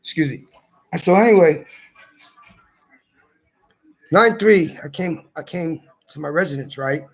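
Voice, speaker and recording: A man's voice: on the high side, expressive, measured pace. An older man ranting angrily to the camera, heated and profane, repeating himself as he tells it. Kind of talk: angry rant to camera.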